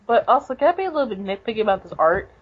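A woman's voice: fairly high pitch, sing-song, rapid-fire. A woman co-hosting a podcast, recapping a manga in a rambling, casual way full of "like" and "basically". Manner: rambling, filler-heavy, with lots of "like" and "basically". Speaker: podcast co-host. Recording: dull lo-fi podcast recording.

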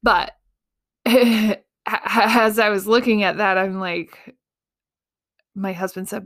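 A woman's voice: mid-range voice, steady tone, slow, long pauses. Chatty woman telling a story, laughing. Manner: chatty, laughs often, acts out quoted voices. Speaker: podcast host. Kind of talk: casual storytelling.

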